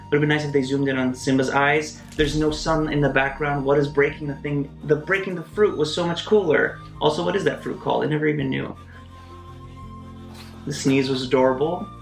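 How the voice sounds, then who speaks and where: A man giving a casual video essay review of a film, animated, with quick asides and mock voices. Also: fairly high pitch, creaky. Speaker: movie reviewer. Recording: roomy echo, faint music behind.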